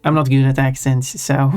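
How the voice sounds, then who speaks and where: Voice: medium pitch, level tone, normal speed, darkish tone, clean tone, no echo. A live streamer chatting casually while drawing, musing in a rambling, self-deprecating way. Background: faint chill background music.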